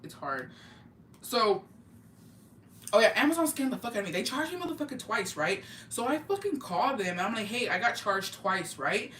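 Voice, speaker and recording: A young woman from Oaxaca, Mexico, chatting casually and profanely with her live-stream viewers in an animated, slangy way. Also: fairly high pitch, fairly quick, slight background noise. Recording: roomy, mic at a distance.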